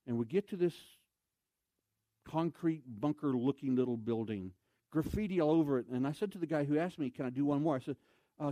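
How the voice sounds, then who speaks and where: A man telling a story in a sermon as an evangelist, animated, with loud exclamations and quoted voices. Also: on the high side, dry recording.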